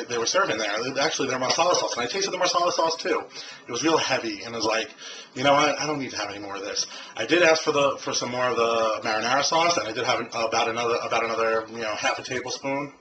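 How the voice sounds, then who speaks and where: Amid a noisy background, this video blogger speaks in a medium pitch, his handheld camcorder capturing a loose monologue. He rambles, restarting often and leaning on fillers.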